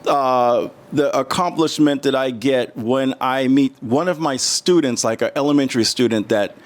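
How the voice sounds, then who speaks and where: A middle-aged American man, a guest in a casual interview, speaks at normal speed in a medium-pitched voice. He tells stories animatedly, restarting often and acting out the voices of the people in them.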